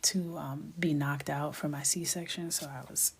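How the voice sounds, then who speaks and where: A woman's voice: low voice, fairly even intonation, measured pace, creaky, husky. Chatty woman, half-whispering while coloring. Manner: chatty storytelling, often drops to a whisper, laughs a lot. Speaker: coloring livestream host. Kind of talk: casual chat while coloring.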